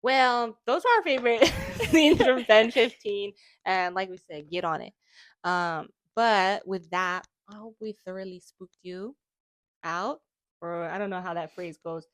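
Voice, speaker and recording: A woman's voice: medium pitch, a little slow, fairly bright tone, dry recording. A young woman co-hosting a podcast, chatting casually and retelling scenes with giggles and lots of fillers. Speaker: podcast co-host. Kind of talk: casual chat.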